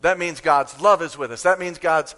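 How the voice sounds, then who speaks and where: A man preaching a sermon as pastor, emphatic and repeating key lines for effect, with sudden swings from quiet to loud. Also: on the high side, moderate pace.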